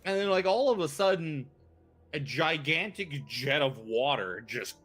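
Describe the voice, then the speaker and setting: A man narrating scenes as dungeon master in a tabletop game, talking in relaxed, rambling descriptions with fillers. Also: on the high side, a little slow, over music.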